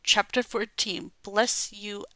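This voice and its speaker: Bright, crisp woman narrating a kids' book. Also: mid-range voice, takes it slowly, no room sound. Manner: expressive storytelling. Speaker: audiobook narrator. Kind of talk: children's audiobook narration.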